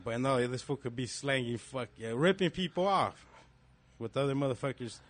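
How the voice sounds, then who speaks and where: A man's voice: mid-range voice, normal speed, a bit bright. A man in his thirties telling a profane story in casual chat, acting out the messages he quotes.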